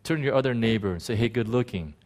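A man preaching a sermon in an animated way, acting out biblical figures, with frequent restarts. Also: medium pitch, fast. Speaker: pastor.

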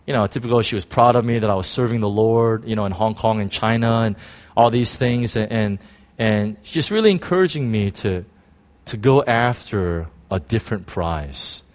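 A middle-aged man preaching a sermon, swinging between shouted lines and hushed asides, full of restarts and "you know.". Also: lowish voice, normal speed. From United States. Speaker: pastor.

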